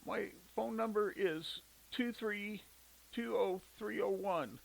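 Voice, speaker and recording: A man voicing a sick, stressed, quick-tempered mother in a storybook reading, harried and coughing. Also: high voice, creaky, pitched above the performer's own voice, exaggerated voice, rough recording. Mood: on the phone.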